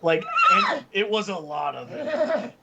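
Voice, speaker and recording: A man hosting a casual chat among tabletop players, telling stories in a quick, playful way over earbuds. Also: high-pitched, wildly swooping pitch, gravelly, heavy background noise.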